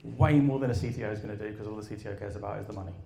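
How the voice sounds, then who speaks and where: Male conference speaker, gravelly, energetic storyteller who asks the room questions. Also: on the low side, rapid-fire. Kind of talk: live talk and Q and A. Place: event room with an audience.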